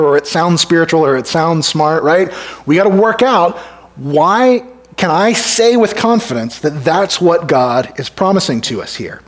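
A male pastor preaching an expository sermon in a conversational way, asking the congregation rhetorical questions and dropping to a hush for emphasis. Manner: drops to a hushed low voice for emphasis. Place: church sanctuary.

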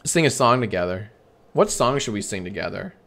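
A man streaming a comedy bit, bantering with himself in a deadpan, sarcastic way and swearing often. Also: lowish voice, fairly quick, vocal fry.

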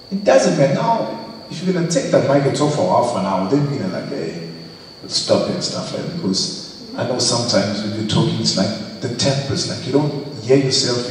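A man preaching a lively church sermon, exclaiming and teasing his congregation. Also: mid-range voice. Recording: echoey hall, distant mic, faint hiss.

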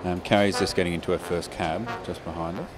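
A man's voice: low-pitched, steady tone, quick pace, over music. A man hosting a radio segment, teasing and laughing as he directs his co-host. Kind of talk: playful radio banter.

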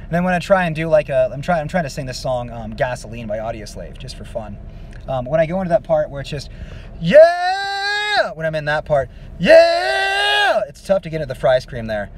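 A vocal coach gives a casual singing lesson with demonstrations, explaining technique in a relaxed, rambling way with many fillers. His voice sits at an ordinary middle pitch and he talks quickly. Faint noise hums in the background.

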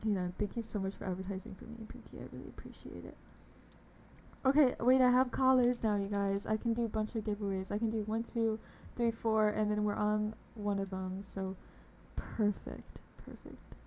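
A woman's voice: mid-range voice, steady tone, moderate pace, few pauses, a little mellow, a little hiss or hum. A young woman streaming a game live, chatting casually and bubbly with her viewers, laughing often. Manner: bubbly, giggly, talks to chat.

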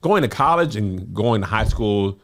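A man's voice: lowish voice, moderate pace. A middle-aged man co-hosting a casual comedic chat, telling family stories with playful exaggeration. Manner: animated storytelling, playful exaggeration. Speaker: podcast co-host.

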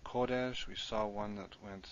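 A man's voice: fairly low pitch, fairly even intonation, unhurried, muffled recording. A man teaching a recorded Hebrew grammar lesson, explaining step by step as he writes on the screen.

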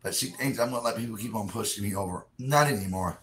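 A man's voice: fairly low pitch, quick pace, a bit bright, reverberant. Man, agitated, pleading, swearing, motel room, distant mic, faint hiss. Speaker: vlogger's partner. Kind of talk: heated argument, addressing viewers.

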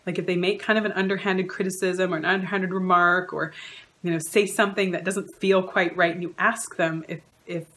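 A woman's voice: on the low side, little pitch movement, brisk, fairly bright tone. A woman counsellor giving an earnest advice talk, stringing together lists of repeated phrases. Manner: acts out quoted remarks in shifted voices.

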